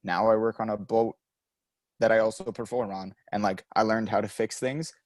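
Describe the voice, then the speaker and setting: A man's voice: on the low side, steady tone, moderate pace, no echo. A young adult man co-hosting a podcast, telling rambling stories in casual chat and laughing often. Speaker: podcast co-host.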